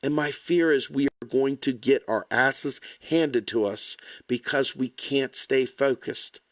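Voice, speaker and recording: A man's voice: mid-range voice, slow, no room sound. A man delivering an impassioned, angry, blunt political rant to the camera, swearing freely. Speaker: political commentator.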